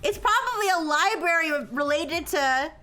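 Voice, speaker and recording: A woman's voice: extremely high pitch, expressive, normal speed, pushed and bright, soft background music. A woman hosting a live stream, chatting casually and rambling, often cutting herself off and laughing. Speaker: livestream host.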